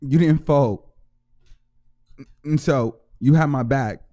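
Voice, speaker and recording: Emotional man giving slangy shout-outs. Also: medium pitch, takes it slowly. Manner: slangy, repeats himself for emphasis; heartfelt, emotional. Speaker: YouTube show host. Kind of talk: casual vlog shout-out to viewers.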